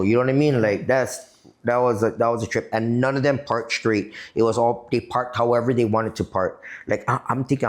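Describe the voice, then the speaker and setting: A man from Guam, appearing as a podcast guest, speaks at medium pitch and a moderate pace. He tells a long, profane story in a loose, rambling way, repeatedly saying "you know what I mean."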